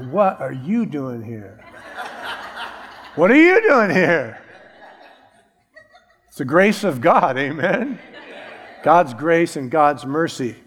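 A man's voice: fairly high pitch, big-room sound. A middle-aged man preaching a sermon as a pastor, emphatic and repeating key phrases.

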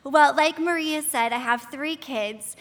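A woman in her thirties, a women's ministry speaker, gives a chatty sermon to a live audience in a church hall. She asks the audience questions, then prays and reads scripture. Her voice is high, fairly bright, and unhurried.

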